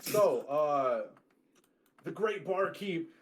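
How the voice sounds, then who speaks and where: A man's voice: fairly high pitch, lively intonation, extremely slow, a little hiss or hum. A man narrating a tabletop game as game master, casual, often swearing and correcting himself mid-sentence.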